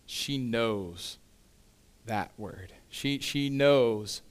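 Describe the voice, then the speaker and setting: A man's voice: medium pitch, very slow. A male pastor delivering a sermon in a conversational, casual way, with frequent asides to the congregation.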